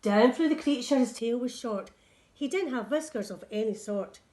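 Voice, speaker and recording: A woman's voice: fairly high pitch, lively intonation, normal speed, darkish tone. Woman reading a picture book to kids. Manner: clear, sing-song read-aloud. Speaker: nursery teacher.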